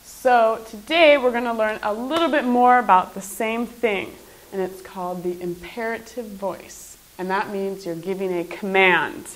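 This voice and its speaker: A woman teaching an English class to adult learners, speaking slowly and emphatically. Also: mid-range voice, low-quality recording. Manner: animated, slow, emphatic classroom delivery.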